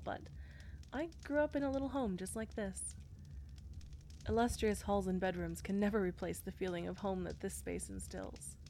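A woman voicing a shy, war-weary female knight commander in an audio role-play, speaking hesitantly with soft fillers. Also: mid-range voice, a little hiss or hum, lightly acted.

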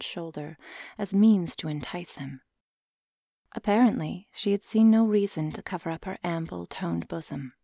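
A woman narrating a story in a soft, often half-whispered voice. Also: lowish voice, moderate pace, vocal fry, no room sound, clean studio sound.

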